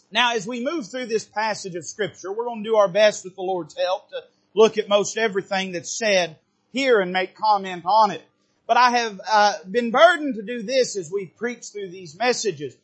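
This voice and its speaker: High-voiced preaching man, slow and deliberate. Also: fairly bright tone. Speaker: pastor. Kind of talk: sermon.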